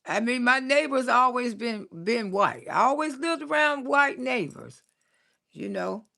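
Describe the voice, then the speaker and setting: A woman's voice: on the high side, animated, measured pace, vocal fry, bright, forceful tone. A woman in her sixties, a comedian chatting casually on a live stream, blunt and salty, who laughs often as she tells stories and scolds. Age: 60s. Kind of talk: casual live-stream chat reading viewer comments.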